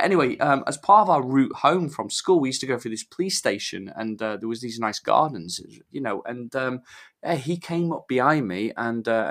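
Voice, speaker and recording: A man's voice: medium pitch, fairly bright tone. A man from England, co-hosting a podcast and telling rambling, self-deprecating anecdotes in casual chat. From northern England. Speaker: podcast co-host.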